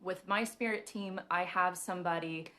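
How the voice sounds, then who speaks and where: A woman's voice: on the low side, steady tone, normal speed, pushed and bright. A young woman host giving a casual live-stream talk about spiritual signs, chatty and giggly with many ums.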